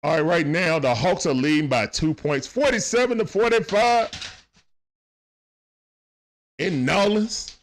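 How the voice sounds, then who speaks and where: A man's voice: on the high side, lively intonation, unhurried, long pauses. A man doing casual play-by-play commentary on a live stream. He talks in slang, greets viewers by name, and speaks into a phone.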